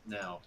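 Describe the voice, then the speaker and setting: A man running a party game round over voice chat, explaining rules with quick restarts. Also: fairly bright tone. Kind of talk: casual chat over voice call.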